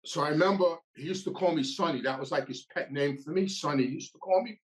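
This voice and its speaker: A man's voice: on the high side, fast, rough recording. Blunt streetwise New man telling his story. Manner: streetwise, blunt, repeats and restarts phrases. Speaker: former mobster telling his recovery story. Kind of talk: casual storytelling monologue.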